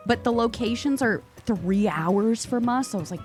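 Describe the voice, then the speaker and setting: A higher-voiced woman from the United States chats on a live stream, answering messages as they come in and leaping up in pitch when something delights her. Soft music plays faintly behind her. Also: normal speed, few pauses. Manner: chatty, answers chat aloud, swings up high when excited. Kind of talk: casual live-stream chat.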